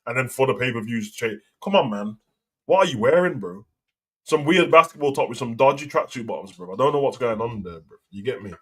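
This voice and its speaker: A man's voice: medium pitch, animated, brisk, fairly bright tone, husky. A man hosting a live wrestling talk show, chatting in a slangy, opinionated way. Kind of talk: casual live reaction chat.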